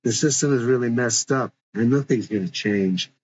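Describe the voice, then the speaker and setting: A man's voice: medium pitch, normal speed, a little mellow, lightly acted. A man voicing a tough, distrustful teenage girl who talks bluntly and with slang, in a dull lo-fi recording.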